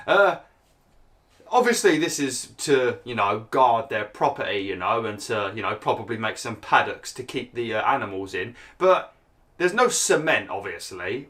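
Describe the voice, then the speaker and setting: A man's voice: mid-range voice, fairly bright tone. A man giving casual gameplay commentary, chatty and joking, laughing and exclaiming as he plays.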